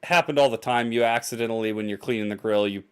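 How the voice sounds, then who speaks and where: A man's voice: mid-range voice, fast talker, clean tone. A young man co-hosting a podcast, chatting casually with frequent restarts and easy laughter. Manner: hesitant, restarts often, laughs easily. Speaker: podcast co-host. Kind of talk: casual chat.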